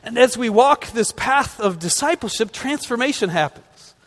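A man's voice: extremely high pitch, animated, normal speed, fairly bright tone. A man pastor delivering a conversational sermon, asking his congregation rhetorical questions as he goes. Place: church sanctuary. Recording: long reverb of a large hall.

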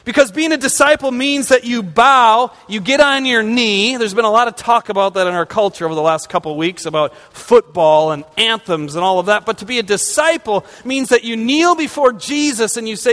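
A man's voice: extremely high pitch, expressive, normal speed, a bit bright. A man pastor delivering a conversational sermon, asking his congregation rhetorical questions as he goes. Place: church sanctuary. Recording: long reverb of a large hall.

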